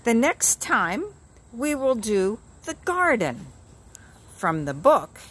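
A woman reading a children's book aloud in a slow, expressive storytelling manner. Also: fairly high pitch, slightly rough.

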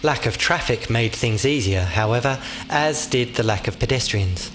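A man giving scripted audiobook narration in a measured, vivid storytelling manner. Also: mid-range voice, lively intonation, fairly bright tone, faint music behind.

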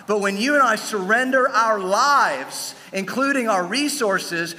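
Guy preaching, bright forceful voice, kinda high, punches the big lines then goes quiet for asides. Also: big-room sound. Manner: emphatic preaching, swells louder on key lines, drops low for asides. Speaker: pastor. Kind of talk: sermon.

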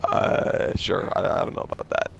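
A man talking hoarsely through a sore throat, chatting in halting bits while playing a video game with a friend. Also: highs cut off, background noise. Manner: halting, restarts words, laughs often. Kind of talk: casual gameplay chat.

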